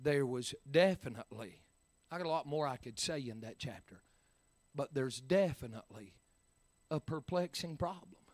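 A man preaching a sermon, swinging from quiet talk to shouting, with many "uh" fillers. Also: mid-range voice, lively intonation, normal speed, dry recording.

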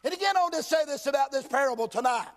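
Animated and very high-pitched, a man pastor preaches in a church sanctuary. He reads King James scripture slowly, weaves in folksy asides, and at times bursts into shouts for emphasis.

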